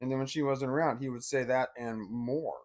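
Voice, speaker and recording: A man's voice: mid-range voice, fairly even intonation, fairly quick. A man telling a personal story in a casual, rambling way, full of fillers and repeating himself.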